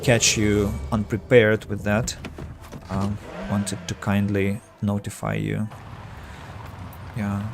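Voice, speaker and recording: A man streaming a game, thinking aloud in halting casual commentary, his voice tired and fading. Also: lowish voice, monotone, vocal fry, background noise. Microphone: earbuds.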